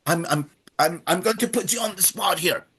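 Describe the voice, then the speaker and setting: A man's voice: sits high, normal speed, pushed and bright, slightly rough. A man teaching a live Spanish class, drilling students by counting in and praising each answer.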